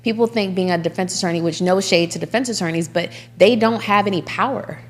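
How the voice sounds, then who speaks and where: A middle-aged woman judge telling her story in a casual interview, emphatic and animated. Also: on the low side, fast. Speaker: judge, podcast guest.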